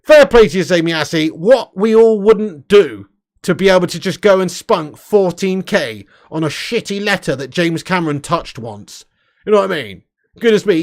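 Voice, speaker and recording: A young man hosting a casual livestream, reading super chats, loud and sweary with lots of banter. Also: high voice. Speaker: livestream host.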